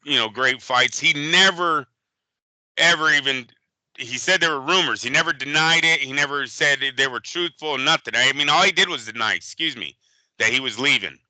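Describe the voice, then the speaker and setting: A man co-hosting a boxing podcast in casual chat, animated and profane, often slipping into quick impressions. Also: fairly high pitch, dry recording, rough recording. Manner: animated, profane, impersonates fighters. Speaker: boxing show co-host.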